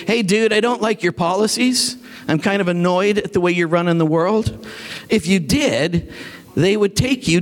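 High-voiced animated male preacher. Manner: animated, acts out quoted voices, laughs often. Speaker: pastor. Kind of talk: sermon with storytelling.

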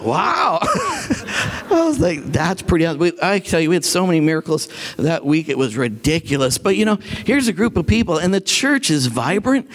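A man preaching a sermon, telling stories in an animated way and acting out the voices of the people in them. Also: high voice. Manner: animated, acts out quoted voices, laughs often. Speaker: pastor. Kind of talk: sermon with storytelling.

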